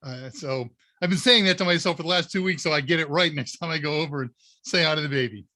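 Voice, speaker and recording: A man's voice: a little high, fast, pushed and bright. A man from Northern Ohio hosting a live Q&A stream, telling rambling, anecdotal stories in a casual way, with plenty of "uh"s along the way. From Northern Ohio, USA. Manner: rambling anecdotal storyteller with many fillers. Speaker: live Q&A show host.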